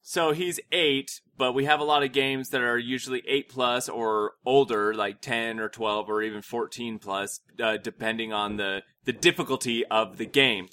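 A man's voice: medium pitch, fairly even intonation, moderate pace, few pauses, sharp tone. A man in his thirties chatting casually as co-host, chatty and self-mocking, laughing easily. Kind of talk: casual chat.

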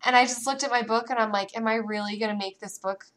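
A woman in her thirties co-hosting a casual parenting chat, telling lively stories about her kids. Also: on the high side, fast talker. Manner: animated storyteller, acts out her kids' voices. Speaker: podcast co-host.

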